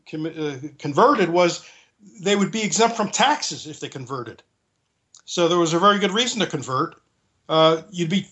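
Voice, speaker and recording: A man's voice: high voice, a bit bright. Earnest man explaining at length. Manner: earnest, restates points while searching for words. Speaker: interview guest. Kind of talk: conversational explanation.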